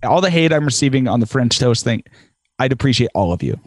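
A man's voice: mid-range voice, animated, fast, no echo. Blunt, teasing podcast man. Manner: blunt, argumentative, teasing, swears. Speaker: podcast co-host. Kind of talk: casual chat.

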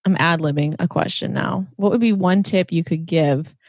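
A woman's voice: fairly low pitch, moderate pace, dry recording, clean studio sound. A woman co-hosting a podcast in casual chat, frank and profane, teasing her friend. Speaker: podcast co-host.

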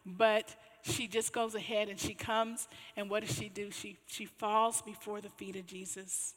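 A woman pastor preaching a sermon as animated storytelling, swelling to exclamations. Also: mid-range voice, normal speed, few pauses, big-room sound.

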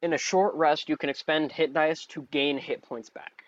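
A man's voice: on the high side, steady tone, normal speed, no echo, highs cut off. A man running a tabletop game as game master, narrating scenes and patiently explaining rules, correcting himself as he goes.

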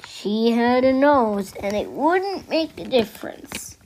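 A woman improvising a spoken story, with halting delivery and frequent restarts. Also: fairly high pitch, lively intonation, a little hiss or hum. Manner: halting, with many restarts and soft asides.

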